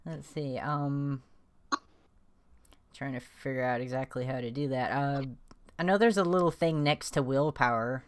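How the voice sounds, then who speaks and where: A woman's voice: a bass voice, a little slow, pauses often. A woman playing in a tabletop role-playing game, giggly and unsure, often asking how things work. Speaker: player. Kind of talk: casual tabletop game chat.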